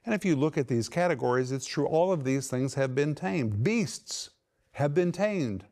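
Middle-aged male preacher, fairly high voice, emphatic delivery that stretches out key words. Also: lively intonation, normal speed, a little mellow. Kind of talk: sermon.

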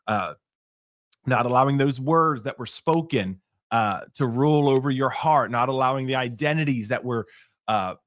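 A man's voice: medium pitch, a bit bright, no room sound, studio quality. A man giving a conversational devotional sermon as a pastor, earnest, with repeated phrases and easy fillers.

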